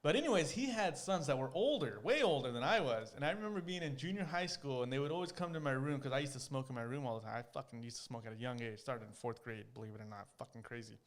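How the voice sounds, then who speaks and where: Fast, animated man in his thirties. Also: medium pitch. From California. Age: 30s. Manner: laid-back, swears freely, lots of "dude" and "man". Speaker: podcast co-host. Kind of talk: casual chat.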